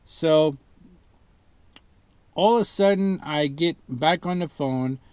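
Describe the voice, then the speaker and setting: Exasperated man with a higher voice, dry sound. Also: slow pace, darkish tone, clean tone, no echo. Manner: exasperated, retelling a phone ordeal with rising indignation; mimics the people he quotes. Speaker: customer reviewing a car purchase. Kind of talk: casual complaint story vlog.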